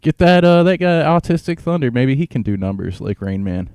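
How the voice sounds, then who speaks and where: A man's voice: mid-range voice, sing-song, brisk, darkish tone, clear, resonant tone, no room sound, clean studio sound. A man co-hosting a casual comedy podcast, rambling with many fillers and restarts and laughing often at his own jokes. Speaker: podcast co-host. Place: home recording with a video stream and live chat.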